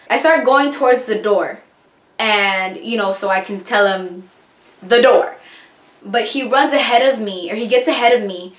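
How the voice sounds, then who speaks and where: Young female vlogger, rambling storyteller, higher-pitched voice, roomy echo. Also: fairly bright tone. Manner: rambling, filler-heavy storytelling. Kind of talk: storytime vlog, casual retelling.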